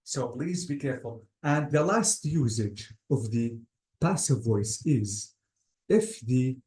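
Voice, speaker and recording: A man's voice: medium pitch, lively intonation, slow, darkish tone. A man teaching an English grammar lecture to a class, often repeating words and calling students "guys". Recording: roomy classroom echo.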